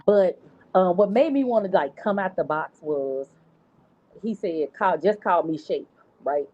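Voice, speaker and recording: A woman's voice: lowish voice, animated, a little slow, darkish tone, muffled recording. A middle-aged woman from North Louisiana calling in to a casual chat, talking earnestly and often repeating words as she searches for them. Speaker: caller.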